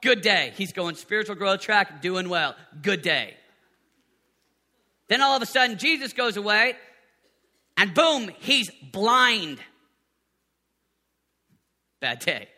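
A middle-aged man preaching to a youth conference, animated, swinging from hushed tones to shouts. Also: sits high, takes it slowly, pauses often. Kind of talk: sermon. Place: conference venue in Birmingham, Alabama.

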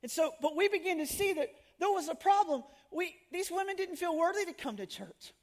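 A middle-aged woman telling stories in a sermon to women, animated and laughing at herself, acting out the people she quotes. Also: extremely high pitch, a little fast. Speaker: women's ministry speaker.

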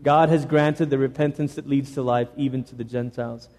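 A man preaching a sermon to his church, animated and repeating phrases for emphasis. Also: mid-range voice, a little fast, long reverb tail. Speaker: pastor.

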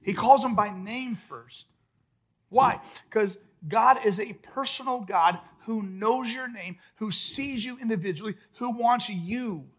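A pastor delivers a sermon at a church service, his high voice moving slowly and a little roughly. He preaches emphatically, shifting between loud bursts and quiet, gentle lines.

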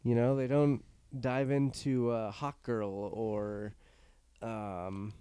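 A male podcast host in casual chat with a dark, mellow tone. He talks bluntly and shares his opinions openly, swearing freely. The sound is dry and close. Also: mid-range voice, little pitch movement, slow, smooth, no room sound.

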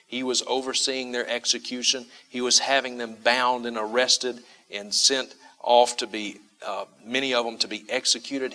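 Emphatic preacher man, bright tone. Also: mid-range voice. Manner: emphatic, repeats key phrases for stress; asks the congregation rhetorical questions. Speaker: pastor. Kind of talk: sermon.

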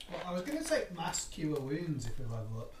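A woman playing a tabletop game, thinking aloud and asking about the rules. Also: deep voice. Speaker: player. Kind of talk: casual tabletop game chat. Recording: echoey room with noise.

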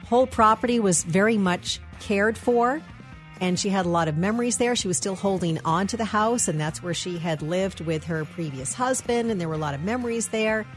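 A woman co-hosting a radio morning show, telling a news story in casual banter. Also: medium pitch. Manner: storytelling, amused, laughs often.

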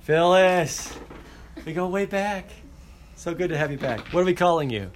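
A man's voice: high voice, animated, fairly quick. A man teaching a class, calling roll and chatting playfully with his students in a classroom.

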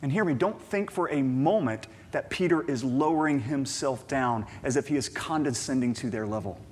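A man's voice: medium pitch, normal speed, a little mellow, slightly rough. A man, a pastor, preaching a sermon in an emphatic, conversational way, often repeating words and asking rhetorical questions. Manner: conversational storytelling asides.

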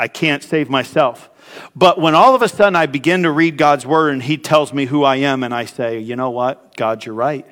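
A man preaching a sermon as pastor, with pauses and frequent restarts. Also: medium pitch, fairly bright tone, in a large hall. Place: church sanctuary.

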